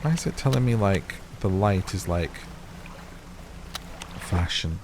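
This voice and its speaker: Here a low-pitched, animated man speaks slowly while commenting on the game he's playing, chatting with viewers and reacting with sudden startled outbursts. He hosts a gaming channel; the background is noisy and game sounds are loud.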